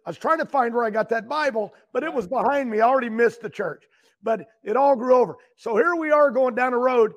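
Older man, high pitched, meandering storyteller who restarts his sentences. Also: fairly quick. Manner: loose, meandering, keeps restarting and clearing his throat. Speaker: guest, racing driver. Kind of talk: rambling storytelling.

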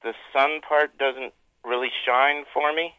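A man calling in to a show over the phone, speaking haltingly and stammering. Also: mid-range voice, fairly even intonation, clean tone, no room sound, phone-quality sound. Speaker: caller. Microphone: phone call.

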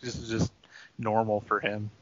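A man's voice: lowish voice, little pitch movement, moderate pace, dry recording, lo-fi sound. A man co-hosting a casual movie podcast, throwing in dry wisecracks and asides. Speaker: podcast co-host.

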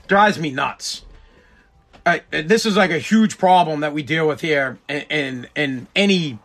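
A man's voice: on the high side, fairly bright tone, husky. A man hosting a casual podcast, ranting emphatically with lots of repetition. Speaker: podcast host.

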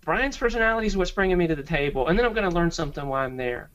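A man's voice: a little high, lively intonation, rapid-fire, fairly bright tone. A man co-hosting a podcast, chatting in an easygoing, rambling way with frequent restarts. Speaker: podcast co-host. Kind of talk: casual podcast chat. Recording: slightly muffled lo-fi audio.

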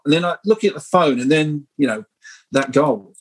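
A middle-aged man telling animated, rambling stories as a guest in a casual podcast interview. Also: fairly high pitch, normal speed, husky, rough recording. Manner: animated, rambling anecdotal storytelling. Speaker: guest screenwriter.

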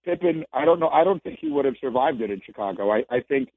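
A man's voice: medium pitch, lively intonation, fast, no echo. A man who used to be a sports reporter, speaking as a guest on a radio show and building his points by repeating phrases. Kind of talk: casual radio interview. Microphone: phone. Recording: dry tinny phone line.

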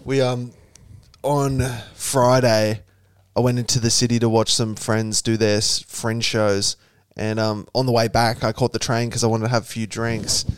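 A young Australian man jokes around on a casual podcast, his voice at an everyday middle pitch. He teases his co-host and tells stories in a relaxed way. The recording is close and dry. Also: clear, resonant tone, no room sound. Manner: relaxed, joking, quick banter. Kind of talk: casual chat.

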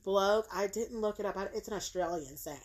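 A woman of ordinary pitch retells a crime case for a podcast. She talks loosely, with restarts and fillers, and keeps affirming her co-host with easy yeahs. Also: a little fast. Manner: relaxed storytelling with frequent fillers and agreeing yeahs. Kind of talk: casual podcast chat.

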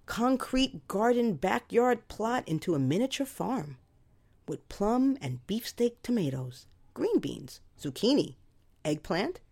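Expressive woman telling a personal story. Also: lowish voice. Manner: expressive, wry, dramatic emphasis.

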